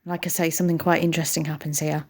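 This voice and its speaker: A woman's voice: low-pitched, level tone, fast, a little hiss or hum. A British woman hosting a gaming channel, chatting casually over her gameplay and often laughing at herself. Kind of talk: casual let's-play commentary.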